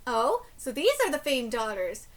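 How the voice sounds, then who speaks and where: A woman reading out the lines of an arrogant male god from a manga, in a lowered, level voice. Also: very animated, moderate pace. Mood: haughty. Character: lordly self-styled male god, calm and arrogant.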